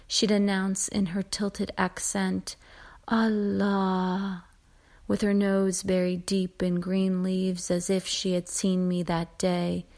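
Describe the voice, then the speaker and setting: A woman from the United States reading her own poem in a measured, lingering way, with line ends fading into a breathy whisper. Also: mid-range voice, monotone, a little mellow. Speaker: poet. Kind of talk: poetry reading.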